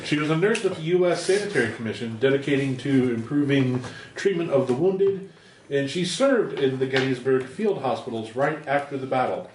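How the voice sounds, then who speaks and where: A man's voice: medium pitch, expressive, brisk, background noise. A man playing a tabletop game, describing his character steadily. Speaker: player. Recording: distant mic in echoey room.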